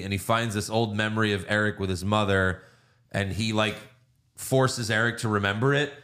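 A man's voice: on the low side, steady tone, normal speed, fairly bright tone. A man hosting a casual movie review podcast, retelling scenes and acting out lines with plenty of swearing. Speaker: podcast host.

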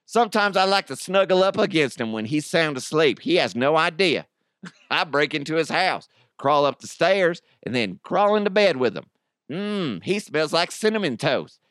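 Man doing a gushing Cajun football player, put-on Cajun accent, raised pitch, dry close sound. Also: big pitch swings, moderate pace, a bit bright, no room sound. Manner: giddy, gushing. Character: over-excited Cajun football player, made-up impression.

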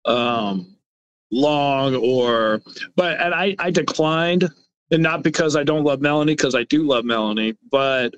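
A middle-aged man speaking as an interview guest, halting and repetitive as he talks about personal matters. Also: mid-range voice, a bit bright, clear, resonant tone, dry recording, highs cut off. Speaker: podcast guest, brother.

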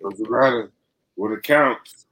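A man's voice: mid-range voice, slow, fairly bright tone, slight background noise. A man co-hosting a sports podcast, boasting and trading playful trash talk. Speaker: podcast co-host. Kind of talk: casual sports chat.

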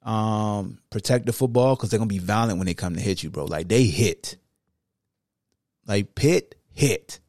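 A man with a gravelly, fry-edged voice talks through a football preview in loose, animated banter, often jumping into coach-trash talk. The sound is dry and close, with no room around it. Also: lowish voice, moderate pace, dry recording. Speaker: sports podcast host. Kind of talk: casual football preview chat.

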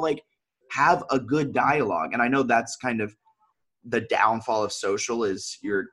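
A man's voice: on the low side, a bit bright. A man co-hosting a podcast, talking earnestly in a casual chat with many filler words. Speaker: podcast co-host.

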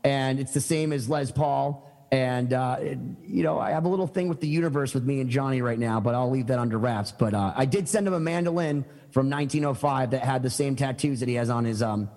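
Rambling excited man in an echoey room. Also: mid-range voice, brisk, hardly any pauses. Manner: excited, rambling, lots of fillers and restarts. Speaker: podcast guest, musician. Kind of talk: casual storytelling chat.

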